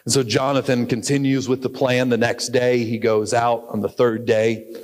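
A pastor preaching a sermon, telling the story earnestly and asking questions of the congregation. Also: male voice, medium pitch, flat delivery, moderate pace. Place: church sanctuary. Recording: reverberant church hall.

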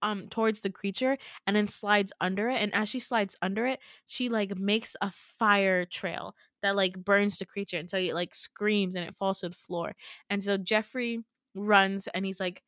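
A young woman podcast host retelling a dream, casual and animated, swearing freely. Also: medium pitch, normal speed, dry recording, clean studio sound.

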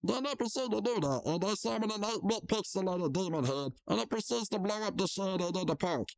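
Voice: medium pitch, animated, brisk, creaky. A podcast co-host recaps a cartoon episode, tripping over words and mimicking the characters along the way. The voice rises and falls with a lot of life.

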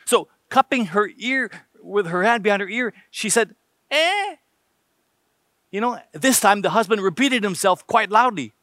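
A man's voice: high-pitched, moderate pace, few pauses, pushed and bright, no room sound, studio quality. A man preaching a sermon emphatically, using rhetorical questions and numbered points.

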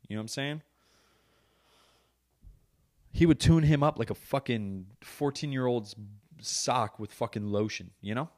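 A man's voice: mid-range voice, normal speed, a little mellow. A man in his thirties hosting a podcast, ranting casually in a rambling, profane, joking way. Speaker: podcast host. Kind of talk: casual rant. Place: podcast studio.

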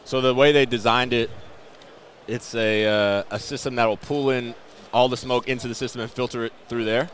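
A man guest on a radio show, chatting casually and upbeat while pitching a product. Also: fairly even intonation, moderate pace, a little hiss or hum. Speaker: guest football player. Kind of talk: casual interview chat. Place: outdoor radio row booth.

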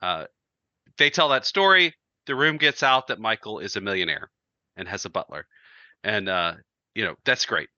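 Guy on a podcast, bouncy pitch, really bright tone, sound a bit muffled. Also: normal speed, long pauses, no room sound. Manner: animated storyteller, laughs through his words. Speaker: podcast co-host. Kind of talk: casual chat, storytelling.

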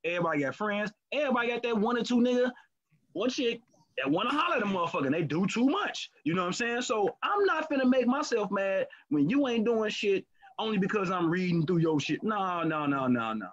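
A man in casual chat as a podcast co-host, talking candidly and profanely with animated storytelling. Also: high-pitched, fast. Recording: lo-fi muffled recording.

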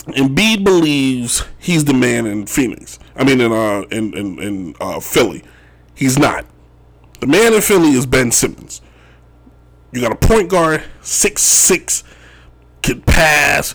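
A man with a medium-pitched, fairly bright voice and some vocal fry hosts a laid-back sports talk show. Dressed in Chicago sports gear, he rambles and cracks jokes about basketball moves, often slipping in "if you will."

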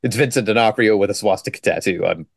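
A man on a podcast, recapping a movie in casual, joking chat and tossing in quick mock quotes. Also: fairly low pitch, gravelly, breathy edge, no room sound, clean studio sound. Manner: joking, sarcastic, quotes scenes in quick put-on lines. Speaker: podcast co-host.

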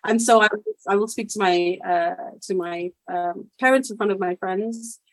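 Brief: woman from India, podcast guest, mid pitch, reflective, halting with fillers, dry close mic. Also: no room sound, low-quality recording. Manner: reflective, many fillers and restarts, laughs often. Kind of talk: casual interview talk.

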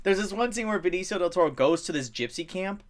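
A young man chatting casually as a podcast co-host, rambling with lots of fillers, getting excited and swearing freely. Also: sits high, fast talker. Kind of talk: casual chat.

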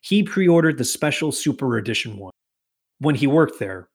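On a casual podcast, a man from Massachusetts tells a long story about work, swearing freely and quoting people in put-on voices. His voice is medium-pitched and slightly rough, at a moderate pace.

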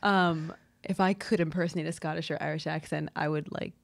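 A woman co-hosting a casual livestream chat, relaxed and laughing easily, with hesitant fillers. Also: sits low, fairly quick, creaky, no room sound. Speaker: podcast co-host.

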